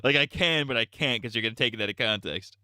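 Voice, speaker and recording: A man's voice: medium pitch, quick pace, bright, forceful tone, dry recording, clean studio sound. A young man live-streaming, rambling crudely in casual commentary and joking as he goes.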